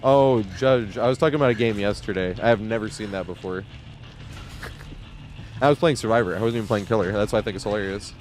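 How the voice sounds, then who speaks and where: A male game streamer talks loosely over his match, his voice sitting a little low. He laughs a lot, swears freely and tells stories with animated energy. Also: fairly quick, a little hiss or hum. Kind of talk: casual live gameplay commentary.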